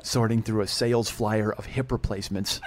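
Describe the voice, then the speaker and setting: A man hosting a podcast, telling a comedic story in a fast, profane way and laughing at his own jokes. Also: lowish voice, steady tone, noisy background. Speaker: podcast host. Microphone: studio podcast mic.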